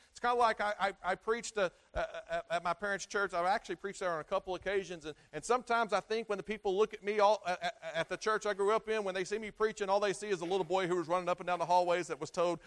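A middle-aged man delivers a sermon in a high voice. He stumbles and repeats words as he goes, building to loud emphatic peaks and letting phrases sink low at their ends. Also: fairly even intonation. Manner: halting, repeats words often. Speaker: pastor.

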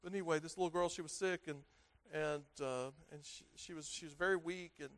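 A middle-aged man delivers a sermon in a high voice. He stumbles and repeats words as he goes, building to loud emphatic peaks and letting phrases sink low at their ends. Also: fairly even intonation. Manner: halting, repeats words often. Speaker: pastor.

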